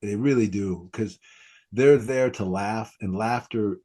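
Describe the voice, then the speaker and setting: A man's voice: fairly low pitch, measured pace, dark tone. A man hosting a podcast about stand-up comedy, talking casually and animatedly, acting out quoted lines. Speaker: comedy coach and podcast host.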